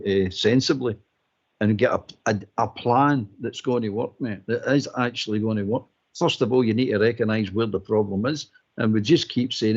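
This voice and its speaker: On a muffled phone-in line, a Scottish man with a medium-pitched, slightly rough voice calls a radio show. He states his opinion emphatically and keeps repeating his points.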